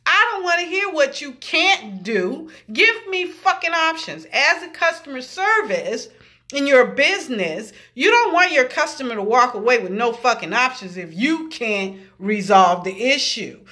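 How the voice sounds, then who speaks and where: A woman's voice: high-pitched, sing-song, unhurried, pushed and bright. A woman ranting heatedly about a bad customer service visit, swearing freely and acting out what each person said. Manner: heated, swearing freely, quoting people in voices. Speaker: vlogger. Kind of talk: angry storytelling rant.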